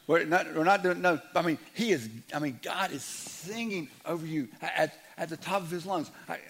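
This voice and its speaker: A man in his fifties preaching a sermon as a pastor, earnest, dropping to a hush and then rising loud, often repeating his words. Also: on the high side, moderate pace, creaky.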